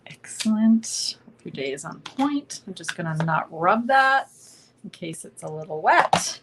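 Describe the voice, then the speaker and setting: A woman's voice: lowish voice, background noise. A middle-aged Canadian woman chatting through a live card-making demo, narrating each step and often asking "right?". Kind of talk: live online crafting demo.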